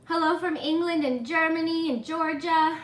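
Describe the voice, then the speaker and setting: Her voice is very high-pitched, fairly even in intonation, and moderately paced. The baking livestream host, a woman in her thirties, chats casually with viewers from her home kitchen, apologizing often and reading their comments aloud. The humidity has her flustered and sweating.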